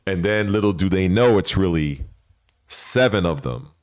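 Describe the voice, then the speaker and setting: A man's voice: low voice, animated, normal speed, no room sound, clean studio sound. A man hosting a gaming channel, rambling in casual speculative commentary with swearing and frequent restarts.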